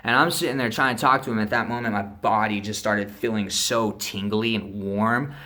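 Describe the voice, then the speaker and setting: A man's voice: fairly low pitch, fairly even intonation, moderate pace, bright, forceful tone. A young man telling a casual, profane story to camera, acting out the other people's voices and sound effects as he goes.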